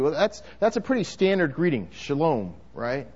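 A man with a slightly high voice preaching a sermon, driving his points home with emphasis and often restarting or repeating words. The recording is muffled and lo-fi. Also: huge pitch swings, normal speed, hardly any pauses, a little mellow, breathy edge. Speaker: pastor.

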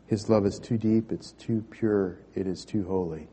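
A man's voice: fairly low pitch, steady tone, normal speed, dark tone, a little hiss or hum. A man preaching a sermon as pastor, building to emphatic peaks and often repeating words as he goes.

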